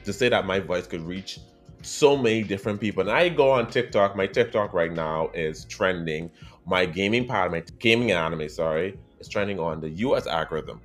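A man with a Bahamian accent, hosting a podcast in a chatty, expressive monologue that speaks straight to his listeners. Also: sits low, moderate pace, soft background music. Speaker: podcast host.

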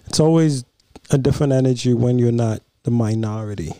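Man, young adult, from Nigeria, podcast co-host, casual chat, gravelly, dry close mic. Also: medium pitch, a little fast, mellow, no echo. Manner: laid-back, joking, rambling with fillers.

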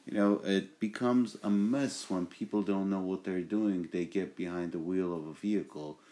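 A man's voice: deep voice, steady tone, normal speed, warm tone. A young man hosting a casual home podcast, rambling with fillers and restarts. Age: young adult. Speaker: podcast host.

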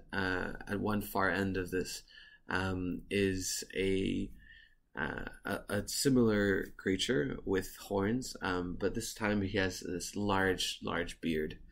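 Low-voiced man running a tabletop game. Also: creaky, a bit bright. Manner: halting, many fillers. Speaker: game master.

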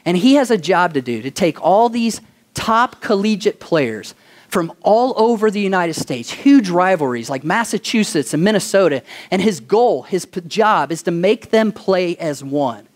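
A pastor preaching a sermon, asking the congregation questions for call-and-response and telling stories with animation. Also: male voice, high voice, moderate pace. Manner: animated storytelling.

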